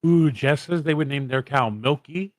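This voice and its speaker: A man's voice: medium pitch, normal speed. A man co-casting an esports watch party, rattling off standings and stats with casual asides. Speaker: co-caster.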